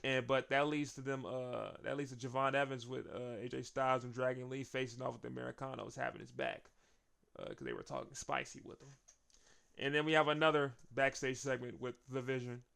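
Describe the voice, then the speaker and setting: A man's voice: medium pitch, level tone, brisk, gravelly, fairly bright tone, clear, resonant tone. A man casually recapping a wrestling show as host, chatty, laughing often.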